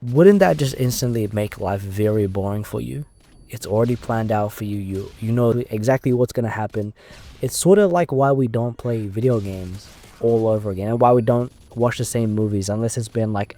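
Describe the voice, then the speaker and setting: Mellow young man musing in his car. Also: on the low side. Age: 20s. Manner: unscripted, rambling, thinking aloud. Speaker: YouTuber. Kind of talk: casual reflective monologue. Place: inside a car.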